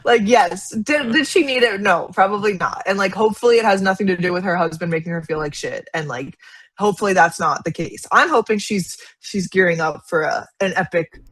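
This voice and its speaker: A young woman co-hosting a podcast in casual chat, talking fast and loose with lots of "like" and frequent laughs. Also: mid-range voice, a bit bright, husky, no echo. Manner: chatty, lots of "like", laughs often. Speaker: podcast co-host.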